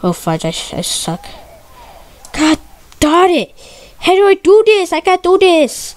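A woman giving excitable, stuttery gameplay commentary, repeating her exclamations and swapping curses for mild words. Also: extremely high pitch, slow pace. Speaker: gamer.

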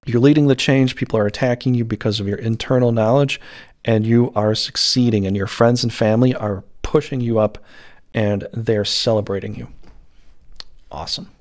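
A man's voice: mid-range voice, steady tone, normal speed, darkish tone. A man giving a casual, rambling tarot reading, full of fillers and restarts. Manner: rambling, meandering, lots of fillers. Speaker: tarot reader.

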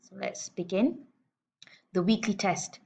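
A woman teacher reading a storybook aloud to children in a lively, expressive way. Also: mid-range voice, takes it slowly, husky. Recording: dull lo-fi recording.

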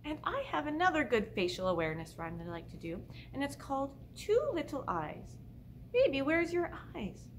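A young woman leading a baby storytime as a children's librarian, talking in a gentle sing-song voice and singing simple songs and rhymes. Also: on the high side, sing-song, fairly quick, hardly any pauses, slight background noise. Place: indoors, room at a library. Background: light ukulele accompaniment.

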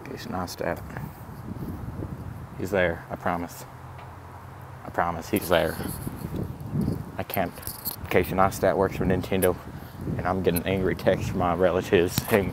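Deep-voiced man muttering on a noisy street. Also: a little slow, pauses often. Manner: hushed sneaking mutters and sudden excited exclamations. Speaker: vlogger in a comic redneck persona. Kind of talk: handheld comedy vlog commentary. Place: outdoors in a city. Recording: noisy outdoor street recording.

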